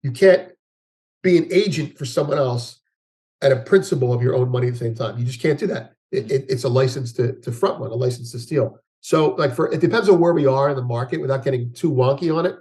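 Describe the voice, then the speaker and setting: A man's voice: mid-range voice, a little fast, dark tone. A man speaking as a guest market analyst in an interview, talking in a rambling way with frequent restarts and fillers. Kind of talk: conversational interview.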